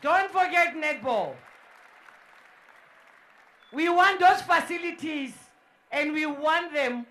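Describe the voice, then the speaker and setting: Woman emcee, bright and forceful tone, slow deliberate delivery, loud crowd-rousing calls. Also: high-pitched, animated. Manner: loud, repetitive, often shouting to the crowd. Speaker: event MC. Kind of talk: live crowd hype and welcome speeches. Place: indoor sports dome.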